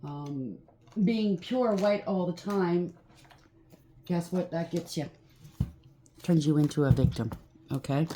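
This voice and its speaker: A woman with a low, mellow voice gives a chatty collective tarot reading. She rambles, preaches and breaks off into asides as she goes. A faint hiss sits under her voice. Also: measured pace. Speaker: tarot reader.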